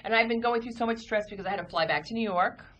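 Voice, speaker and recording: A woman co-hosting a TV talk show, telling comic stories in an animated way and acting out voices. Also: fairly high pitch, racing, lo-fi sound. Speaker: talk show co-host and comedian. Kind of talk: comic storytelling chat. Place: TV studio.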